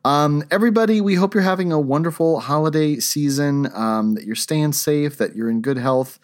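A man's voice: fairly high pitch, normal speed. A man co-hosting a podcast, telling stories in a casual chat with frequent laughs and fillers. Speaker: podcast co-host.

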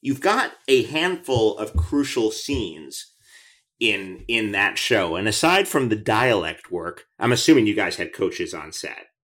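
Casting note: male podcast host, lowish voice, chatty and eager. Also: sing-song, unhurried, a bit bright. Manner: chatty, enthusiastic, many restarts. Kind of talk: conversational interview.

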